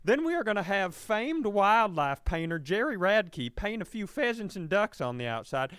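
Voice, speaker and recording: A comedian slipping into a jolly rural doctor with a thick Southern drawl, voiced high and bright above his own speech. The patter is hammy and stammering. The room sounds close and dry. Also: big pitch swings, moderate pace, clean tone, no room sound. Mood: folksy. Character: folksy rural male backwoods doctor, cheery.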